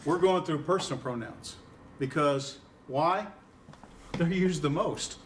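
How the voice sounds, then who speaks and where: A man's voice: fairly high pitch, a little slow. Man lecturing from across a classroom. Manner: informal, filler-heavy explaining with questions to students. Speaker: Greek instructor. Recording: distant mic, faint noise.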